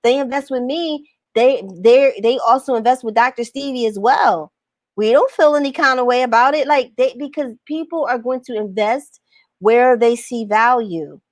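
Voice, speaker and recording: A woman's voice: on the high side, moderate pace, dry recording, studio quality. Emphatic woman coaching on a livestream. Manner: emphatic, repeats phrases, asks the audience questions. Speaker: online business coach. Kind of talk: livestream talk reading viewer comments.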